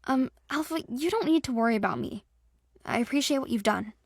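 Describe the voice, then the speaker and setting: A woman's voice: high voice, expressive, brisk, husky, no echo, clean studio sound, voice pushed up, heavily acted. A woman voicing a young female shapeshifter, frightened but defiant, in an audio drama. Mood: flustered.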